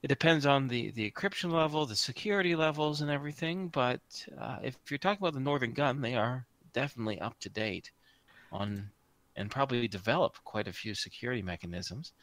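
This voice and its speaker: A man voicing a snooty male hacker in a tabletop game, talking in a fussy, hesitant, high voice. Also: animated, a little fast, a bit bright, dry recording. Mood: cautious.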